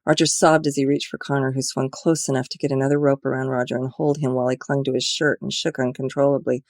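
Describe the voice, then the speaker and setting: A woman's voice: extremely low pitch, flat delivery, quick pace, darkish tone, no echo, studio quality. A woman author reading her own mystery novel aloud in an earnest, amateur way.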